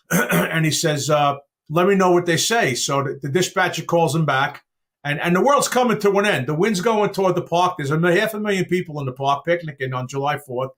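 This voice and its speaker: A man hosting a podcast, telling stories in a lively casual way and asking questions. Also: on the high side, brisk. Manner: animated storyteller with chuckles and asides. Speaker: podcast host. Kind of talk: casual chat.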